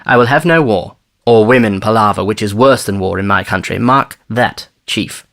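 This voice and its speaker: A man voicing a stern colonial commissioner who speaks calmly and curtly, with dry humour. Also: fairly low pitch, normal speed. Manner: calm, curt, dryly humorous.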